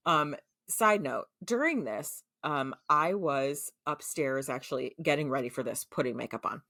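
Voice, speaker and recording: American woman podcaster, really low deep voice, rambly show recap, swears a lot, lots of "like". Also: lively intonation, moderate pace, sharp tone, dry recording, clean studio sound. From United States. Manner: chatty, swears freely, heavy use of fillers like "like" and "um". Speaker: podcast co-host. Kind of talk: casual chat recapping a show.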